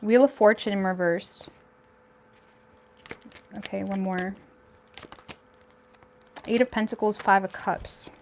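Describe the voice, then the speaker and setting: A woman's voice: mid-range voice, fairly even intonation, slow pace, long pauses, darkish tone, slight background noise. A woman talks through a tarot spread in a loose, chatty way. She is frank and thinks aloud, with plenty of fillers and small restarts as she reads each card. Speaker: tarot reader. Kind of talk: casual tarot reading.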